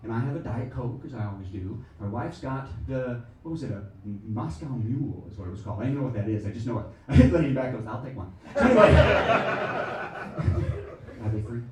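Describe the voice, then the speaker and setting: A middle-aged American man doing stand-up comedy on a small theatre stage, talking in an animated, exaggerated way and acting out characters. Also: a little fast, a little hiss or hum. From United States. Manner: animated, exaggerated, acts out shrill voices. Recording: echoey room mic'd from a distance. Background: audience laughter.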